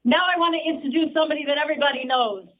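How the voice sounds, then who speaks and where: A woman's voice: high voice, racing, lo-fi sound. A woman gives an earnest protest speech and introduces speakers at an outdoor rally. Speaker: rally emcee.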